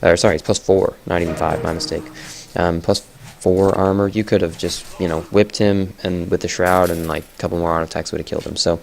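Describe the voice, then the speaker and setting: A man's voice: low voice, level tone, a little fast, gravelly, slight background noise. A young man giving casual, chatty commentary on a game replay, blunt and often correcting himself.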